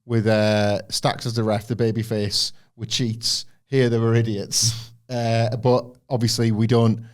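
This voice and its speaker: A man co-hosting a podcast, chatting in a rambling, animated way and acting out other people's lines. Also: medium pitch, measured pace. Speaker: podcast co-host. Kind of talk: casual wrestling recap chat.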